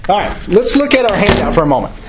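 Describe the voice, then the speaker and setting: A man teaching a Bible study class from a handout, reading verses aloud and explaining them in a casual, halting way. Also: sits high, big pitch swings, noisy background.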